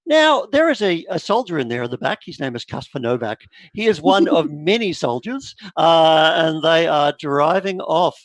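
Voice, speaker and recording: A man's voice: a little high, moderate pace, few pauses, no echo. A man narrating as game master of a tabletop horror game, with lots of uh and like. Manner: animated storyteller, with many fillers.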